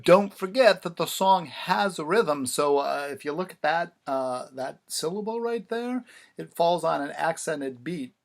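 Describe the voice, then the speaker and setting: Pitched fairly high and slightly creaky, this songwriter's voice is animated yet unhurried. Speaking straight to his own camera in a casual vlog, he riffs on lyric writing with sarcastic wit and theatrical repetition.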